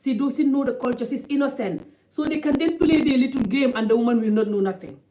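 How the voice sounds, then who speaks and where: A woman's voice: high voice, a little fast, warm tone, low-quality recording. A woman from Africa giving blunt, emphatic opinion commentary in a vlog, repeating points for stress. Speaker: vlogger.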